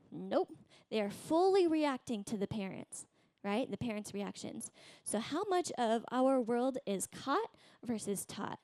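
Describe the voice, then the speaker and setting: A woman in her thirties preaching a sermon in a conversational way, tagging her points with a quick "right?" and acting out quoted voices. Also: a little mellow, no echo. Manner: acts out voices in quotes, rising high. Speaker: pastor.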